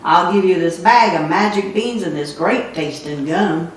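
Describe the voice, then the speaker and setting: A sly, friendly old peddler, put on by a woman reading a storybook, drawls out a slow, folksy pitch. The voice sounds far from the mic in an echoey room with faint noise behind. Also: close to an everyday voice.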